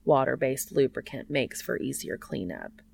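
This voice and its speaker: A woman voicing an intense man with a hoarse, husky, wrecked voice who speaks slowly and seductively in a hushed tone. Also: mid-range voice, expressive, voice pushed down.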